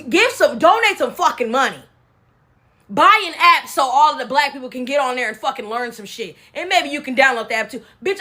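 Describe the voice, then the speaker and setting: Sarcastic bright-voiced woman ranting. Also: high voice. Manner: sarcastic, drawn-out, swearing. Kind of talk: mocking vlog rant.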